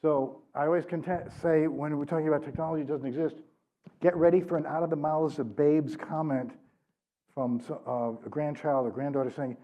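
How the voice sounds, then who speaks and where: A man's voice: fairly high pitch, fast, warm tone. An older man giving a public author talk at a library, conversational and often checking in with "right?", in a slightly dull recording. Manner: conversational, keeps asking "right?". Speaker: author and speaker. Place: library event room.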